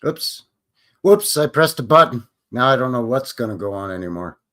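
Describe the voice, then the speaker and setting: A man's voice: mid-range voice, animated, moderate pace, pushed and bright. A man with a Canadian accent hosting a livestream Q&A in a loose, joking, meandering way. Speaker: livestream host. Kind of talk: casual rambling livestream chat.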